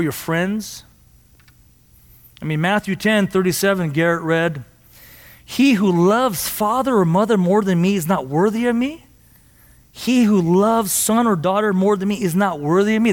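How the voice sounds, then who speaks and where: A man preaching a sermon in a church, impassioned and at times rising to near shouts. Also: high voice, big-room sound. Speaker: pastor.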